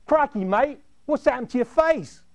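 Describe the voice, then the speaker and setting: A rough, bearded Australian rugby player, as a man puts him on speaks in a raised, bouncy voice. He states things bluntly and plainly. The sound is dry and close. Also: extremely high pitch, expressive, moderate pace, dry recording, pitched above the performer's own voice. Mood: surprised.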